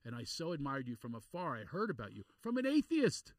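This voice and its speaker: A man from Philadelphia hosting a podcast, chatting in an animated, joking way. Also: medium pitch, a little fast, dry recording. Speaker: podcast host and comedian. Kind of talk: casual interview chat.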